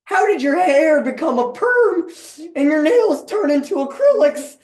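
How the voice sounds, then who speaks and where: A panicky young slacker yelps high and loud, as a podcaster puts him on. Each word comes out slow, with a room echo behind it. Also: very animated. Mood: alarmed. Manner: raised, yelping delivery. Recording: roomy echo.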